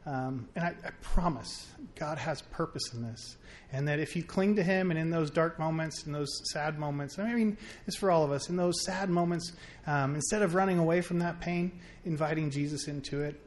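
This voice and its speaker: High-voiced man telling a rambling story. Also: moderate pace. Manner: animated, rambling, many fillers. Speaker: friend sharing a story. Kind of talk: personal story at a faith gathering.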